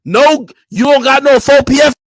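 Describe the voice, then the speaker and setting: A man yelling a combative rant in a livestream clip, repeating himself and shouting over others. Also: extremely high pitch, fairly even intonation, moderate pace, dry recording. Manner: loud, combative, repetitive yelling. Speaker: streamer in a played clip.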